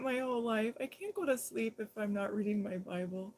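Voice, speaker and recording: A woman's voice: medium pitch, brisk, a little mellow. A middle-aged woman chatting casually with her viewers on a live stream, giggling often and speaking straight to people in the chat, recorded on her phone.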